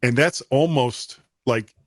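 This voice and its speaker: A man's voice: mid-range voice, slow, dry recording. A man from the US co-hosting a casual tech podcast, laid-back, with dry joking asides. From United States. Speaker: podcast co-host.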